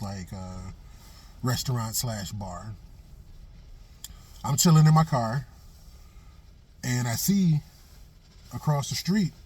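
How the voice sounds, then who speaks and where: A man's voice: mid-range voice, slight background noise. A middle-aged man giving a blunt, profane opinion monologue for his vlog, telling stories and hammering points with repeated phrases. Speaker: vlogger. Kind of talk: casual opinion monologue with storytelling.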